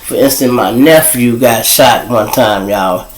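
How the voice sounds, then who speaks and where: A man telling casual, profane street stories as host, animated and swearing freely. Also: a little slow, reverberant, crowd noise, poor audio. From Chicago. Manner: animated, profane, jumps to high voices for quoted people. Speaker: storyteller host.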